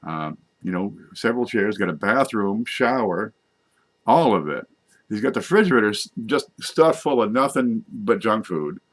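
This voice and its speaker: A man's voice: on the low side, big pitch swings, normal speed. Rambling folksy middle-aged man. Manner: folksy, rambling, joking, self-correcting. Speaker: vlogger. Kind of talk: rambling comic monologue.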